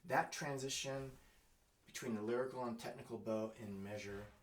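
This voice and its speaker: A man teaching double bass, thinking aloud in a halting way with fillers and scatting rhythms as he plays. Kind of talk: music lesson, thinking aloud while playing. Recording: roomy, mic at a distance. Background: double bass playing.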